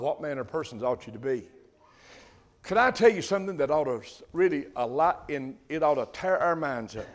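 High-pitched older preacher, impassioned. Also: male voice, lively intonation, normal speed. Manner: impassioned preaching, swells loud on emphasis. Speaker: pastor. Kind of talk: sermon.

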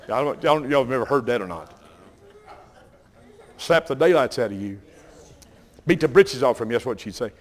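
An older man with a Southern US accent, preaching and telling folksy, animated stories while calling out to the congregation. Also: mid-range voice, moderate pace, long pauses. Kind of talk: sermon storytelling.

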